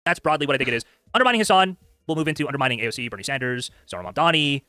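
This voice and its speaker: A man rattles off rapid, lively streamer commentary in a bright, pushing tone, his pitch jumping around constantly. He sounds worn out after hours live, but the words still tumble out. The sound is dry and close, with faint music underneath. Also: clean tone, no echo. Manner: rapid, animated, frequent filler words. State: tired from a long stream. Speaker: streamer reacting to clips.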